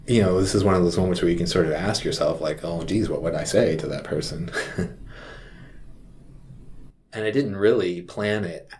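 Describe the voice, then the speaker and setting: A man who works as a hospital chaplain, telling a personal story in a reflective, halting way. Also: low-pitched, a little mellow, slight background noise.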